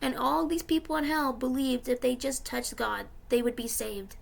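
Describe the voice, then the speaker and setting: Young woman vlogger, high gravelly voice, tearful, rambling casual storytelling. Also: steady tone, normal speed. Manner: rambling with many fillers, emotional. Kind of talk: casual retelling of a dream.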